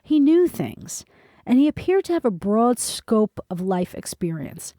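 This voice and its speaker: A middle-aged woman reads from her own memoir with an earnest storytelling touch. Her voice is mellow and soft-edged. The recording is dry and close, with no room sound. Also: on the high side, very animated, measured pace, no room sound. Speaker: author reading her memoir. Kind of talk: memoir reading on a podcast.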